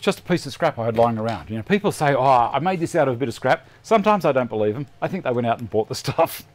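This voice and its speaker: Working at his bench on a live woodworking broadcast, a middle-aged Australian host talks casually and thinks out loud, often poking fun at himself. His medium-pitched voice is expressive and quick, with a little hiss or hum in the recording.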